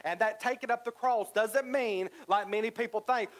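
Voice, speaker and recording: A man with a high-pitched voice preaches a sermon in a drawl. He is middle-aged and builds his points through repetition and rising emphasis. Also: normal speed, rough recording. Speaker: pastor.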